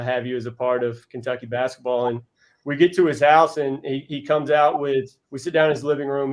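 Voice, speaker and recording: A man of ordinary pitch tells stories as a podcast guest, earnest and heartfelt. He talks casually, restarting phrases as he goes. His voice sits in a plain middle range. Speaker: guest, college basketball head coach. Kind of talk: casual podcast interview storytelling.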